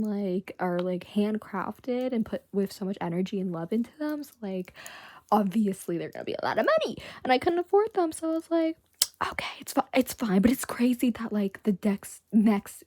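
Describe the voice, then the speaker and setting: A woman's voice: mid-range voice, warm tone. Young woman, casual vlog chat, bubbly, rambling, whispers and squeals, bedroom, camera mic. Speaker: vlogger. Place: her bedroom.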